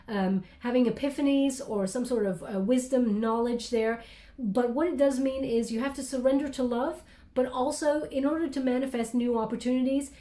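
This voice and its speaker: A woman giving a tarot reading, talking gently and hesitantly with many pauses and fillers. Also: a little high, reverberant. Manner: gentle, hesitant, many ums, thanks her spirit guides. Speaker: tarot reader.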